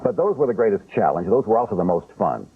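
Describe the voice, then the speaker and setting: A man's voice: fairly low pitch, sing-song, fast talker. A man being interviewed about his old films, telling stories in a wry, unapologetic way. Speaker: film director guest. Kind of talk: interview chat. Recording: tinny lo-fi broadcast sound, faint hiss.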